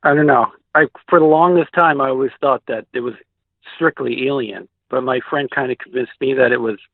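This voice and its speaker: A man's voice: mid-range voice, brisk, gravelly, no echo. Guy from the pacific northwest rambling thru his story, lots of likes, tinny dry phone sound. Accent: Pacific Northwest American. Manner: rambling, many likes and restarts. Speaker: guest recounting a sighting. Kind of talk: casual interview storytelling.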